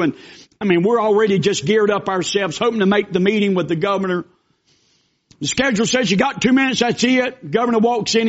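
A man's voice: high voice, highs cut off. A man preaching a sermon as pastor, telling stories in an earnest way with emphatic bursts.

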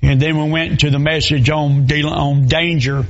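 A pastor, preaching a sermon in a folksy storytelling way with plain dialect grammar. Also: male voice, a little high, flat delivery, measured pace, muffled recording. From Southern US.

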